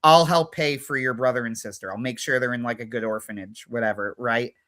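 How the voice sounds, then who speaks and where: A man's voice: mid-range voice, brisk, a bit bright. A man co-hosting a livestream, chatting casually and retelling scenes with lots of "like" and quoted back-and-forth dialogue. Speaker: livestream co-host. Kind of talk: casual chat.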